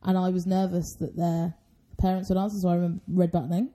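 A woman's voice: lowish voice, flat delivery, fast talker, warm tone. A woman in her twenties, co-hosting a podcast and telling stories in casual chat, laughing often and acting out quotes. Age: 20s. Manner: giggly storytelling, acts out quotes. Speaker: podcast co-host.

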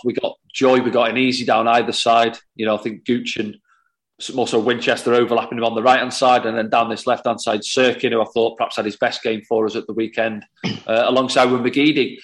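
A former footballer as a podcast guest, analysing a match in long talkative runs with frequent restarts. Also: male voice, mid-range voice, little pitch movement, a little fast. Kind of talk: casual podcast chat.

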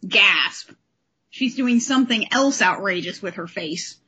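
Husky, animated woman recapping. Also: mid-range voice, unhurried. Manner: animated, often acts out quoted characters. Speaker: podcast co-host. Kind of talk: casual episode recap.

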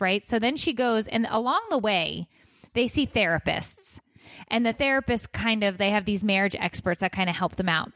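A woman co-hosting a podcast in casual chat, telling stories with lively acted-out quotes. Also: mid-range voice, moderate pace, no echo. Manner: animated storyteller, acts out quotes. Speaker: podcast co-host.

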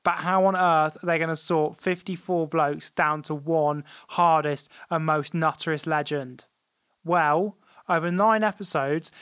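A man's voice: on the high side, a bit bright, clear, resonant tone, dry recording, clean studio sound. Man telling a mock-dramatic story. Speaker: podcast host. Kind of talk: comedic casual chat.

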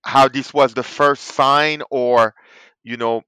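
A man's voice: mid-range voice, steady tone, slow pace, sharp tone, clean tone, no room sound, poor audio. A man who is a guest receiving a reading, speaking hesitantly and stammering.

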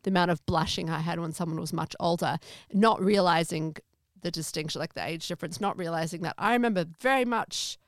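A woman's voice: on the low side, a little fast, dry recording, studio quality. A woman co-hosting a casual podcast, talking earnestly and with some stammering about her own experiences. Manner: earnest, stammering, personal storytelling. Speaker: podcast co-host. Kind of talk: casual chat reviewing a movie.

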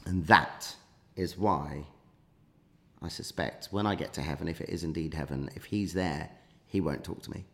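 A man's voice: extremely low pitch, moderate pace. A man, a podcast guest, telling a long anecdote in casual chat with many fillers and restarts.

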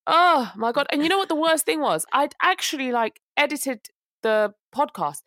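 A woman's voice: sits high, animated, normal speed, fairly bright tone, no room sound, clean studio sound. A young woman, ranting animatedly as a podcast co-host, unwell. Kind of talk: casual chat.

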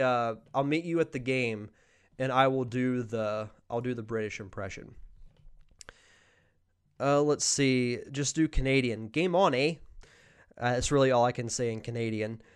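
A man's voice: medium pitch, clean tone. A young man hosting a podcast, chatting casually through a live Q&A, reading viewer questions aloud and answering off the cuff. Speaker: podcast host.

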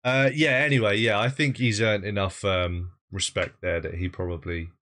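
A male podcast host with a somewhat low voice, leading a casual chat. He talks in a chatty, teasing way and pokes fun at himself. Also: steady tone, normal speed, a bit bright. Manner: jokey, chatty, self-mocking.

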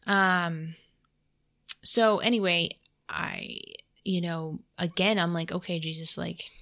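Speaking slowly in a lowish, creaky, slightly bright voice with fairly even intonation, a woman tells a story on her casual faith podcast. She acts out her prayers by quoting them aloud and uses "like" a lot.

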